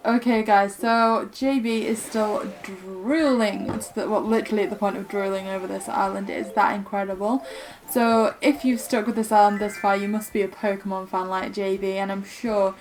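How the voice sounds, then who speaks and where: A woman's voice: medium pitch, fairly even intonation, normal speed, a little mellow, poor audio. A woman co-hosting a video, chatting casually and speaking straight to the audience. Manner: chatty, addresses the audience directly. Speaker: co-host. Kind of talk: casual chat to viewers.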